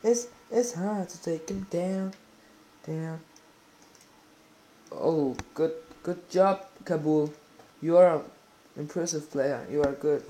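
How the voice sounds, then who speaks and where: A man giving live commentary while playing a football video game, exclaiming and swearing excitedly at the action. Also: a little high, slow pace, long pauses, slight background noise.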